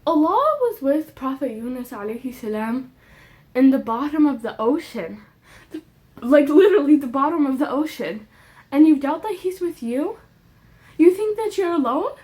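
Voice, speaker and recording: Young woman, high voice, earnest faith vlog, repeats lines with rising emphasis, casual slang asides. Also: animated, moderate pace, a little mellow. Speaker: faith vlogger. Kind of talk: emotional religious monologue.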